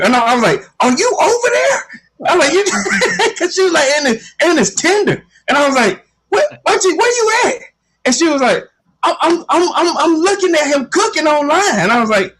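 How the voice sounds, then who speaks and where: A man's voice: extremely high pitch, rough recording. A man co-hosting a casual podcast, telling a funny story with lots of laughter. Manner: animated storyteller, laughs often. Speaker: co-host.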